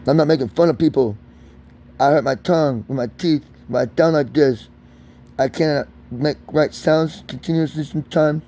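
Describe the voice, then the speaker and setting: A man's voice: fairly high pitch, normal speed, dark tone. A man with a speech impediment, ranting angrily in a vlog. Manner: agitated, angry ranting. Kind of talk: vlog rant.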